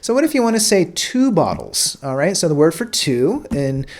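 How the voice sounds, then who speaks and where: American man teaching casually, lively pitch. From United States. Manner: relaxed, many "uh" fillers and "all right"s, repeats words slowly. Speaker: language teacher. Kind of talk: casual language lesson.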